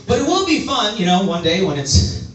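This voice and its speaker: A male comedian doing stand-up, his voice sitting a little higher than most men's. He rambles, mocks himself and bursts out loudly now and then. The sound is very echoey, caught from well back on a stage mic. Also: sing-song, normal speed. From US suburbs. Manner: rambling, self-mocking, swings into loud outbursts. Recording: echoey room, mic from a distance.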